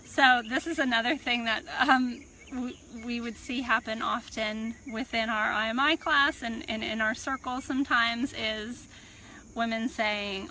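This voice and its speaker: Woman coach, bright tone, unhurried and thoughtful, recorded outside with soft insect and bird sounds. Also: on the high side, a little hiss or hum, rough recording. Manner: calm, reflective, unhurried teaching. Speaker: personal growth coach. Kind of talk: self-help talk to camera. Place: outdoors on a farm. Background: birds and crickets.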